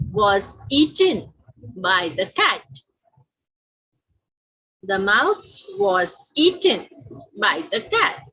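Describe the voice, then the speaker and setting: A fairly high-voiced woman with an Indian English accent teaches a grammar lesson at a slow, deliberate pace. Her voice is a little husky, and her pitch swings widely as she asks questions and answers them herself. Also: fairly bright tone, rough recording. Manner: slow, repeats each example sentence.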